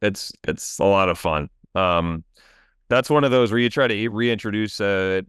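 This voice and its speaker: A man's voice: fairly low pitch, moderate pace, a bit bright, smooth, no room sound, clean studio sound. A man co-hosting a podcast, chatting about movies in a laid-back, agreeable way. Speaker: podcast co-host. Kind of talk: casual movie chat.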